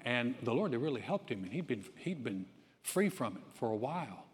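A man's voice: mid-range voice, very animated, fairly quick. A male pastor giving a sermon, talking conversationally and building to emphatic preaching. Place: church sanctuary. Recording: long hall reverb.

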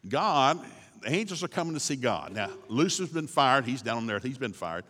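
A man preaching with folksy, joking storytelling, his pitch rising and falling with animation. The sound carries a long church-hall reverb. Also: very animated, a little fast, a bit bright. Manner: folksy, humorous storytelling, chuckling. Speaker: guest preacher. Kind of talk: sermon.

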